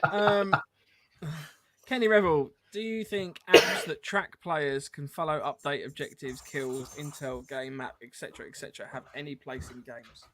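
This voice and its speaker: A man's voice: fairly high pitch, normal speed, background noise. A man co-hosting a podcast, reading listener questions aloud with casual, self-deprecating asides.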